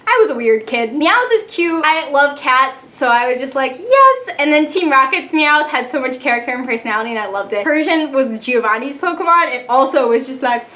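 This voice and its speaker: A woman's voice: sits high, expressive, fairly quick, few pauses, pushed and bright. A young woman chatting casually in a vlog, bubbly and gushing, full of "like" asides and little acted-out reactions. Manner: acts out childhood reactions in quoted mini-voices. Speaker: YouTuber.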